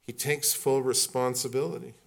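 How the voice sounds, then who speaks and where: A man's voice: medium pitch, little pitch movement, moderate pace, vocal fry. A man preaching a sermon in a conversational, humorous and emphatic way. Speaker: pastor.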